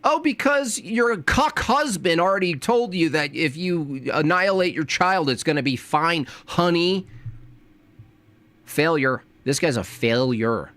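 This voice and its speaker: A man hosting a reaction commentary, scornful and preachy, jumping from loud jabs to low mutters. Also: animated, unhurried. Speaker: commentary host.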